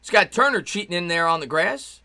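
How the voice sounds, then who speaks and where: A young man calling a baseball game live on his stream, excitable and chatty, reading viewers' messages between pitches. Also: normal speed. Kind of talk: fan play-by-play commentary on a live stream.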